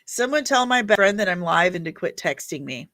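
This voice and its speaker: A woman's voice: fairly low pitch, expressive, a little fast, a bit bright. A woman hosting a casual livestream, chatty and opinionated as she reacts to viewer comments. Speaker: livestream host reading chat.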